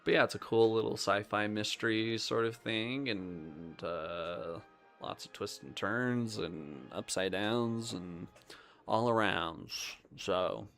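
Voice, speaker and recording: A man's voice: fairly low pitch, takes it slowly, a bit bright, faint music behind. A young man hosting a live stream, chatting casually about movies in a rambling way, with lots of ums and half-finished thoughts. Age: young adult.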